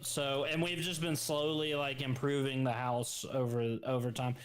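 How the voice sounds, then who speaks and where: A man's voice: mid-range voice, flat delivery, normal speed, slight background noise, poor audio. Male co-host, easygoing chat voice, rambles with false starts. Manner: rambling, hesitant with many restarts. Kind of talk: casual chat.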